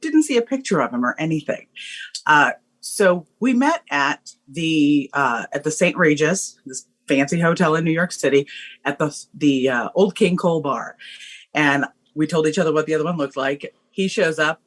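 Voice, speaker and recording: A woman guest telling a story in a casual, animated way, laughing often and using lots of fillers. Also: deep voice, normal speed.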